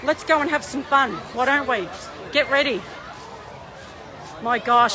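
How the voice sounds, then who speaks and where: A woman with a high, sharp-toned voice speaks a little slowly while livestreaming from a phone in her hand at a busy outdoor waterfront and pool area. Her rant is indignant and exasperated, with faint crowd chatter and outdoor noise behind her.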